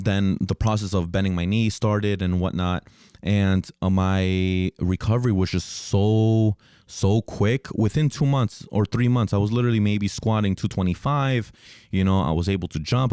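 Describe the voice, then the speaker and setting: A man's voice: fairly low pitch, fairly even intonation, normal speed, dark tone, clean tone, no room sound, clean studio sound. A young man hosting a podcast, telling a personal story in a casual, rambling way with frequent swearing and restarts. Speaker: podcast host.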